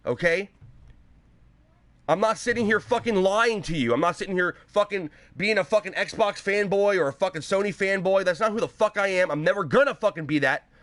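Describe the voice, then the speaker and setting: A man hosting a live gaming show on a headset mic, ranting angrily with constant swearing and bursts of shouting. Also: high-pitched, brisk, hardly any pauses, no room sound. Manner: angry, profane, shouting at times.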